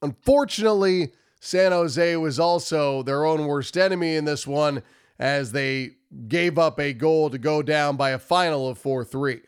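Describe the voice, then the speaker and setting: This man, a hockey commentary host, breaks down the game afterward in an emphatic, repetitive way, stumbling over words. His voice is nasal from a cold yet clear and resonant, pitched on the high side and a little slow.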